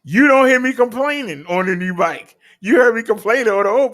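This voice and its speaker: A man's voice: extremely high pitch, expressive, brisk, a bit bright. A man hosting a casual live stream, chatting with viewers in a laid-back, direct way. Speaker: live-stream host reviewing e-bikes.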